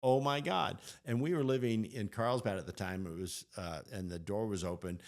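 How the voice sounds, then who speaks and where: A middle-aged man co-hosting a faith podcast, telling stories in an animated, excited way. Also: sits low, a little fast. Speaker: podcast co-host. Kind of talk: casual storytelling chat.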